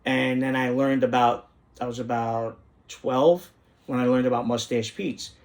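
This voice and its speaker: A man, hosting and telling a street story in a brash, profane, animated way. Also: mid-range voice, measured pace. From New York. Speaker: host. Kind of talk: casual storytelling monologue.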